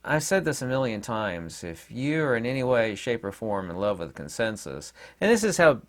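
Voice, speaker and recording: A man's voice: medium pitch, sing-song, normal speed. A middle-aged man hosting his own video channel, telling rambling anecdotes in a blunt, opinionated casual monologue. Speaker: video host.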